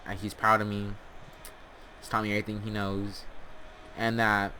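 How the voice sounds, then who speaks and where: Rambling young-sounding man, bright tone. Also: on the low side, normal speed, slight background noise. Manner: meandering, filler-heavy, deadpan absurd. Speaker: storyteller host. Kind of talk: rambling comic storytime.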